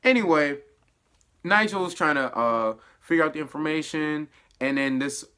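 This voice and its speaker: A man casually recapping a show episode in a spoiler review, animated and laughing, his voice dropping to low mutters and then jumping up in excited bursts. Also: normal speed, clear, resonant tone. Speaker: TV review vlogger.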